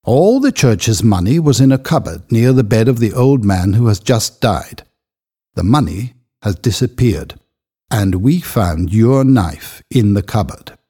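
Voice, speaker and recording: A man voicing a stern church minister who lays out an accusation in a firm, husky voice. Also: on the low side, dark tone, heavily acted.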